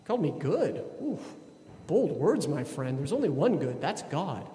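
A preacher voicing a wry, casual Jesus. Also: male voice, on the high side, sing-song, a little slow, warm tone, echoey room, in a large hall, slight background noise. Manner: playful, conversational.

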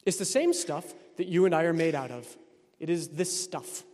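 Wry priest in echoing church. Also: male voice, fairly high pitch, normal speed, a little mellow. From Texas. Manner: conversational, wry asides. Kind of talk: sermon. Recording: long church reverb.

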